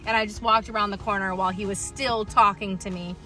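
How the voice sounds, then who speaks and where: Woman, dog trainer, casual vlog, rambling storyteller, bright tone, faint background music. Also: medium pitch, fairly quick. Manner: chatty, animated retelling with many ums.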